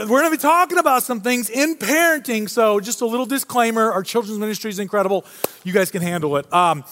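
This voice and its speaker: A man with a high, light voice preaching in a relaxed, storytelling way. He keeps circling back and restarting his phrases as he builds his points. The sound carries a long reverb tail from a big church hall. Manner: casual, storytelling, frequent restarts. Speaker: pastor. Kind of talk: conversational sermon.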